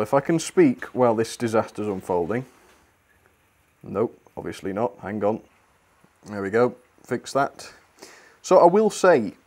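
A man's voice: medium pitch, a little mellow. A young British man giving a chatty, blunt review of a model train on his video channel, laughing now and then.

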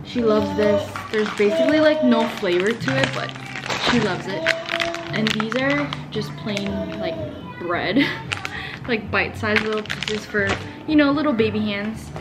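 Over loud music, a young woman with a mid-range voice vlogs in an unhurried, chatty way. She says "like" constantly and recounts stories by acting out what people said.

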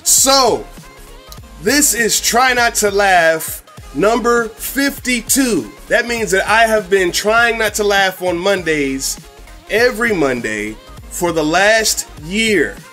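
A man hosting his own video channel, talking excitably and casually to camera with frequent laughs. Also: high voice, takes it slowly, faint music behind. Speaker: YouTube host. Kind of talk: casual vlog talk to camera.

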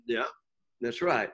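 A man teaching a Bible class to students, pausing often, repeating words and checking in with "okay?". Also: on the high side, a bit bright. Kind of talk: classroom lecture with questions to students.

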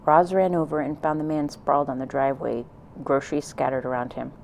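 A woman reading a children's novel aloud in a gentle, plain storytelling manner. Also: low voice, flat delivery, a little fast, slight background noise, rough recording. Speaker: audiobook reader.

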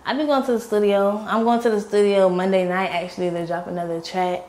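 A woman's voice: mid-range voice, little pitch movement, brisk, darkish tone. A young woman, an interview guest, tells her story candidly in a blunt, profane way and acts out the voices of the people in it.

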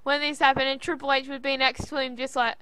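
Excitable Australian woman, high bright voice. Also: quick pace, no echo. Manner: excitable, rambling, cursing, with sudden loud outbursts. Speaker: wrestling show reviewer. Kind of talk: casual recap commentary.

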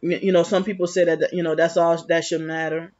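A woman's voice: on the low side, little pitch movement, a little fast, darkish tone. A woman vlogging in a rambling, agitated, accusatory monologue, full of restarts. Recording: muffled lo-fi recording.

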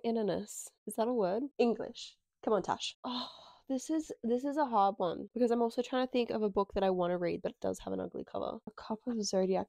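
Australian woman vlogger, nasal from a cold, warm tone, excitable and casual. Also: medium pitch, dry recording. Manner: chatty, excitable, swears casually. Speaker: book vlogger. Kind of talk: casual chat to camera. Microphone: dedicated microphone close up.

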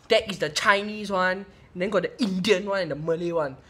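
A woman's voice: fairly low pitch, a little fast, few pauses, bright, forceful tone. A young woman with a Singaporean accent, chatting casually in a comedic vlog with lots of fillers and tag words. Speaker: vlogger.

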